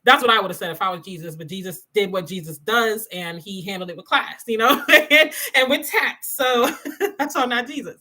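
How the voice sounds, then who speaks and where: A woman hosting a morning devotional livestream, talking in a chatty, animated way with lots of "y'all" and "you know," and reading viewers' comments. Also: mid-range voice, moderate pace, poor audio. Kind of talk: casual faith talk, reading live comments.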